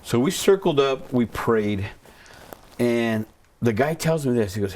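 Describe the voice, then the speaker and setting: A pastor with a mid-range, slightly mellow voice speaks animatedly and unhurriedly. He tells a personal story in a rambling way, repeating words and acting out the voices of what people said.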